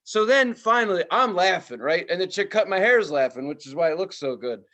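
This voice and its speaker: Animated, high-voiced male podcast host. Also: brisk. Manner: animated storyteller, mimics others loudly, swears freely. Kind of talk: casual chat, storytelling.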